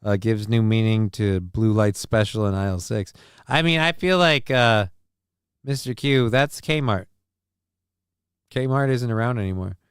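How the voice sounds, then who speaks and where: A man's voice: on the low side, expressive, unhurried, clean tone, no room sound, studio quality. A man from the American Midwest hosting a casual livestream, joking and rambling as he comments on the news. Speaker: host.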